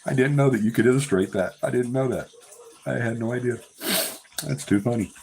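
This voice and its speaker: A man's voice: mid-range voice, a little fast, gravelly, darkish tone, a little hiss or hum. A man hosting a casual live stream, breaking into fits of laughter. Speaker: paranormal live-stream host.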